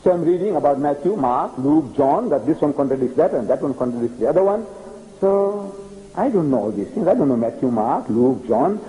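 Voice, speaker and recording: Animated older man telling stories. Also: fairly high pitch, a little fast, rough recording. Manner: animated, emphatic, repeats key phrases. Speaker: lecturer. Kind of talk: storytelling lecture.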